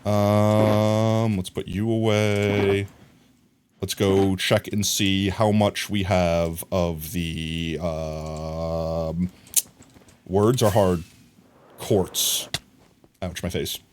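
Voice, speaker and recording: A man's voice: low-pitched, steady tone, extremely slow, a little mellow, a little hiss or hum. An American man livestreaming a game from home, rambling casually and talking to his chat. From United States. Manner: rambling, chatty, talks to chat and reads it aloud. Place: home room with his dog.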